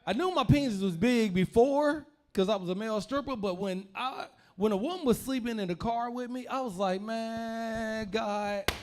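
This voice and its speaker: Young man, from Louisville, stand-up comedy, rambling storyteller, fairly high voice, very animated pitch. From Louisville, Kentucky. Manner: loose, rambling storytelling with repeated phrases.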